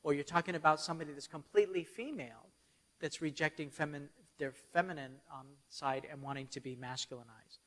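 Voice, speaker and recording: A man's voice: fairly high pitch, brisk, a bit bright. A man giving a church keynote as a storytelling sermon, often checking in with his audience. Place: church hall. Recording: long hall reverb.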